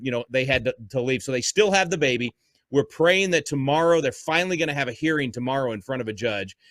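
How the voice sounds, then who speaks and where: A man's voice: mid-range voice, a bit bright, no echo. A man, a guest on a podcast interview, speaking fervently and emotionally, stumbling over words when upset. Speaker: guest, homeschool advocate.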